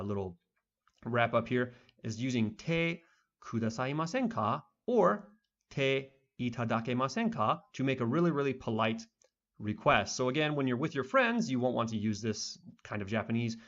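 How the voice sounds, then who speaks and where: A man teaching a beginner language lesson online in a relaxed, conversational way with lots of fillers. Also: mid-range voice, normal speed, dull audio.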